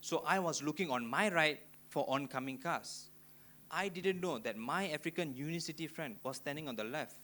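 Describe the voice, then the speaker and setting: A young man from Malaysia with a Malaysian English accent, doing an animated stand-up routine in front of a live audience. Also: fairly high pitch, moderate pace. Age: young adult. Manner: animated, punchy storytelling. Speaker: stand-up comedian. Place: auditorium stage before a live audience.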